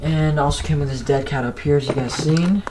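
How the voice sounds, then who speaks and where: A young man chatting casually and excitedly for his vlog, rambling with lots of "like". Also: a little high, fairly quick. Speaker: vlogger. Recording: background noise.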